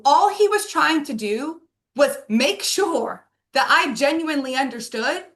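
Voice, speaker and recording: High bright chatty woman host. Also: animated, a little slow. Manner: chatty, recaps, many "like"s. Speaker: podcast host. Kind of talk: enthusiastic interview chat.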